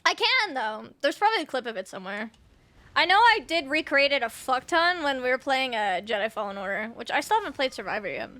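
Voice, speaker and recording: A woman's voice: sits high, very animated, a little fast, sharp tone, no echo. A young woman streaming a game, chatting casually and laughing often, swearing freely and filling her talk with "like," on a close mic. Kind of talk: casual chat while gaming live.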